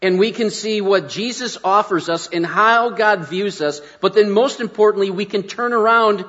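A man's voice: high-pitched, moderate pace, bright, forceful tone. A middle-aged man preaching a sermon in a folksy, self-deprecating, conversational way, often restarting his sentences. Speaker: pastor. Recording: muffled sound with long hall reverb.

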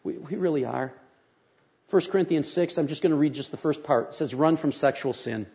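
An older man preaching a sermon as a pastor, folksy and conversational, with animated storytelling. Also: on the high side, brisk, lo-fi sound.

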